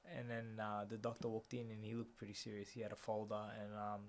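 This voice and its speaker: A man's voice: lowish voice, monotone, a little fast, a little hiss or hum. A man in his thirties, an interview guest, earnestly telling a personal story and retelling scenes through quoted dialogue, with many fillers. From Australia.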